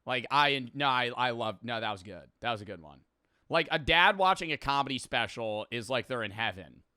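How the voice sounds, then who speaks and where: A young man reacts to a comedy video, rambling in a lively, swinging voice and swearing freely. His tone is bright and crisp, and the recording is close and dry. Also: medium pitch, a little fast, no room sound. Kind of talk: casual reaction commentary.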